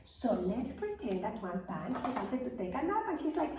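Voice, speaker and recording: Guiding little ones through a rhythm lesson, a high-voiced woman teacher sings her words slowly, her pitch rising and falling in a lively way as she encourages call-and-response. It's recorded from a distant mic in a very echoey room with a little hiss or hum.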